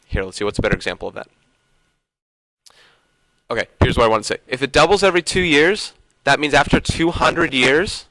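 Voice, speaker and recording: A man's voice: mid-range voice, pushed and bright, dry recording, poor audio. A man teaching a casual video math lesson, thinking aloud and sometimes trailing off into mutters.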